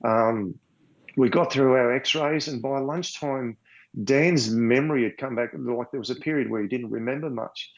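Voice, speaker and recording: Older Aussie man, gravel in the voice, mid pitch; rambling, stop-start storyteller; muffled lo-fi recording. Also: moderate pace. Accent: Australian. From Australia. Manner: rambling, repeats words, gets emotional. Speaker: podcast guest, triathlete. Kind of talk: casual storytelling. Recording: dull lo-fi sound.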